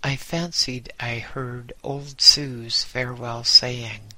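A man narrates a first-person tale at an unhurried pace, and his lines are measured and deliberate. His voice is strikingly bright and forward, recorded dry with no room sound. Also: mid-range voice, steady tone, no echo. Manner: measured storytelling with voiced dialogue. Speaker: audiobook narrator. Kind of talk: scripted narration.

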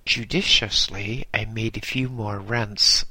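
A man narrating a memoir as an audiobook, in slow, measured storytelling. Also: lowish voice, fairly even intonation, sharp tone, no room sound.

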